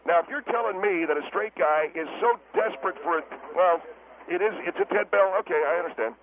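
Guy putting on a high-voiced restaurant owner, brash and stammery, sounds like a crackly phone call w faint hiss. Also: a little fast. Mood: defensive. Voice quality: stammering, blustery, defensive. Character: brash middle-aged male steakhouse owner, defensive. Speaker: caller. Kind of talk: talk radio comedy bit. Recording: tinny phone line.

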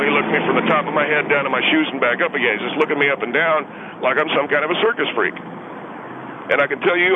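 An indignant middle-aged caller, voiced by a man, who defends himself in stammering rambles. His voice sits a bit high and comes through a tinny, narrow phone line. Road and car noise are clearly heard behind him. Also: close to an everyday voice.

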